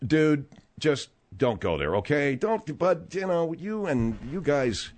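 A man's voice: fairly high pitch, very animated, slow pace, a little mellow. A man hosting a late-night radio talk show, blunt and conversational at a studio mic.

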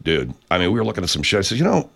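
A man's voice: low-pitched, animated, racing, vocal fry, bright, forceful tone. A middle-aged man hosting a livestream, reading chat and rambling casually with plenty of profanity.

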